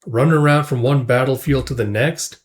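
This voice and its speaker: A man voicing a gruff, brooding young male swordsman in a casual comic recap, thinking aloud skeptically. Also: medium pitch, brisk, close to an everyday voice.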